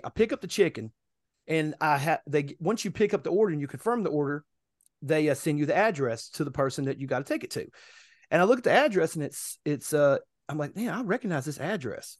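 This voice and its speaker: A man with a fairly high voice tells a story in a casual way and acts out every line of the people in it. He sounds close and dry, with no room behind him. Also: dry recording. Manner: animated, acts out other people's lines. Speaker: podcast co-host.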